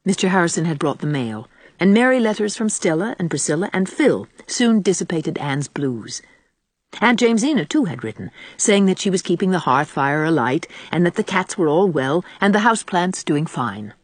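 Woman audiobook narrator, lowish voice, animated storytelling melody, dry close mic. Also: moderate pace, dry recording. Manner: expressive, varies voices for characters. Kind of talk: scripted narration.

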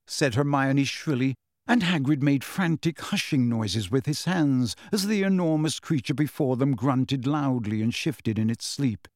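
A mid-range male voice narrates a fantasy novel with measured, expressive storytelling. The audiobook recording is dry and studio-clean.

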